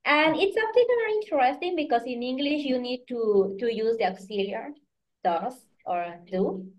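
A woman's voice: a little high, lively intonation, normal speed. A woman teaching a live online language class over a video call, patiently prompting her students by name and coaching them. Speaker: Spanish teacher. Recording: dull lo-fi video call audio.

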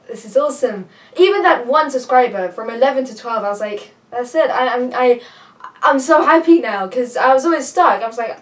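A young woman vlogging at home, chatting to a camera on a tripod in a rambling, excitable way, a little out of breath. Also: a little high. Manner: rambling, restarts often, excitable. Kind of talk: casual chat to camera. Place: home room with a computer. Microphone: camera on a tripod, some distance off. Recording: voice a bit far from the mic.

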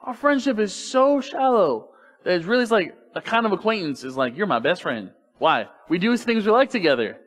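A man preaching in church, somewhat high voice. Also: very animated, a little fast, fairly bright tone. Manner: conversational preaching with rhetorical questions. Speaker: pastor. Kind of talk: sermon. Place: church sanctuary.

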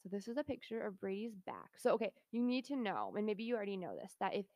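A woman's voice: mid-range voice, very animated, fast talker, a little mellow, dry recording. A woman co-hosting a podcast, chatting casually and playfully, bringing up the next topics. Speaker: podcast co-host. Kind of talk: casual chat.

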